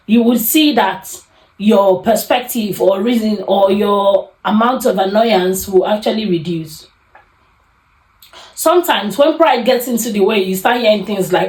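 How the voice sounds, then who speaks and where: Animated woman podcaster. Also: medium pitch, moderate pace. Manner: animated, acts out quoted arguments. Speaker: podcast host. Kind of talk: casual advice talk. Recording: echoey room.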